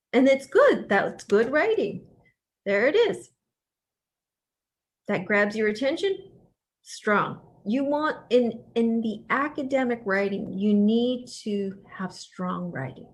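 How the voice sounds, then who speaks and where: A woman professor runs a writing workshop in a casual lecture style, talking conversationally with fillers and restarts and growing emphatic when coaching. Her mid-range voice is expressive and a little slow.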